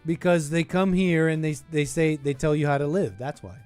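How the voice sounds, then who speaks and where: A man hosting a podcast, giving animated and sarcastic commentary as he reacts to a clip. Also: on the high side, moderate pace, faint music behind. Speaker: podcast host.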